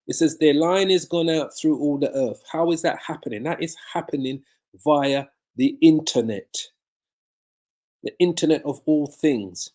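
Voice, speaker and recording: In a live video from his home, a man with a fairly high, slightly mellow voice preaches a sermon-style Bible lesson. He poses rhetorical questions, answers them himself, and repeats phrases for emphasis.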